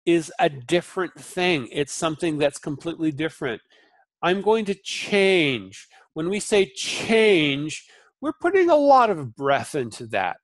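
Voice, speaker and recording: A man teaching a recorded Sanskrit lesson, repeating syllables slowly and explaining them in a relaxed way with many fillers. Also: on the high side, dry recording. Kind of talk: recorded lecture.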